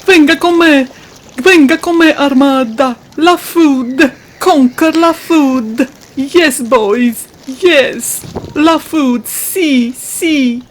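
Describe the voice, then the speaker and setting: A woman's voice: sits high, extremely slow, a little hiss or hum. A woman voicing a swaggering pigeon chief who leads its flock to food, sprinkling in mock Italian and Spanish words. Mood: commanding.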